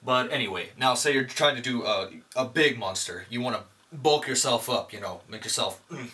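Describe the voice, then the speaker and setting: Hosting a casual, comedic tutorial from a room at home that he films himself, this young man rambles self-deprecatingly with lots of fillers. He speaks at a moderate pace in a pushed, bright, medium-pitched voice, and the recording is echoey.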